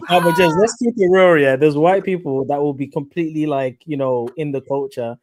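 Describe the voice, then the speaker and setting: Easygoing guest in casual talk, short agreeable interjections, slightly higher voice. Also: male voice, brisk, background noise. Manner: relaxed, agreeable, chips in with short replies. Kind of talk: casual chat.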